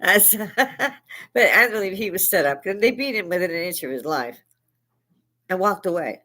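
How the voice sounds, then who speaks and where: An older woman hosting a live stream, delivering a heated, profane political rant that keeps rising into shouting. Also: medium pitch, expressive, normal speed. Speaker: livestream host. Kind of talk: veteran speaking.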